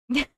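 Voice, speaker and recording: A woman's voice: high voice, vocal fry, a bit bright, no room sound, clean studio sound. A woman hosting a live stream, chatting casually with viewers, laughing often and swearing freely.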